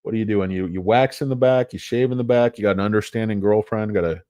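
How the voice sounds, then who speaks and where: A man hosts a casual stock-market livestream, rambling, cracking jokes and making fun of himself. He talks fast in a lowish, dark voice, and the recording is studio quality with no echo.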